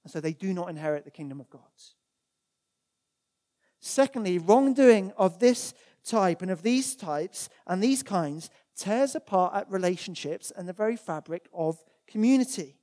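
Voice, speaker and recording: Rich: A preacher giving a sermon in a church in a mellow, darker-toned voice. The delivery is earnest and emphatic, leaning on repeated words to drive each point home, with Bible verses read aloud along the way. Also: mid-range voice, animated, moderate pace.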